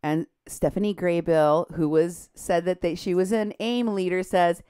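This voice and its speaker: A woman's voice: lowish voice, fairly even intonation, measured pace, clear, resonant tone, no echo, clean studio sound. A woman talking on a radio show in a heated, indignant way, reading posts aloud with scorn and her voice climbing toward outrage. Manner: indignant, agitated, rising to near-shouting outrage; reads social media posts aloud with scorn. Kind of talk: heated talk radio commentary.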